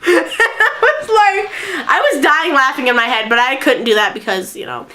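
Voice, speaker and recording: A woman vlogger telling a storytime tale in excitable, giggly chatter. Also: high-pitched, a little slow. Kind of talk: storytime vlog.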